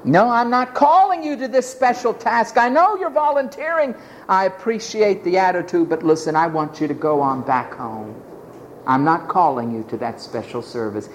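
A man preaching a sermon, voicing Jesus as a stern, calm man who firmly turns a volunteer away, dropping lower and slower. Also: slight background noise. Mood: firm, refusing.

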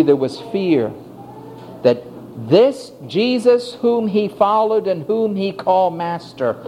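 Slow, lively-pitched male preacher. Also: slight background noise, poor audio. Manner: emphatic, swings between soft and loud. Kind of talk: sermon. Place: church building.

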